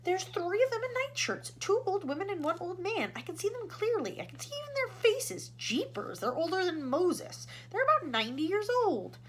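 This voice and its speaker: Give me a rattled male astronaut, as a woman puts him on, exclaiming high and excited with a bouncing, lively voice in a storybook reading. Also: moderate pace, hardly any pauses, slight background noise, full character voice.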